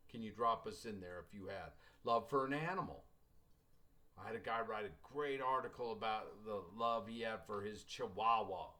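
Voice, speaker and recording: A man's voice: on the low side, a bit bright. Folksy middle-aged male writing teacher. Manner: folksy storyteller, acts out quoted dialogue, joking asides. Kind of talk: classroom lecture with anecdotes.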